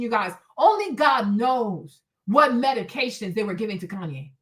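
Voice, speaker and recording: A woman with a high voice hosts a livestream commentary. She rants hotly and profanely, driving each point home by repeating it. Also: animated, fairly quick, few pauses, a bit bright. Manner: profane, heated, emphatic repetition. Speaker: show host.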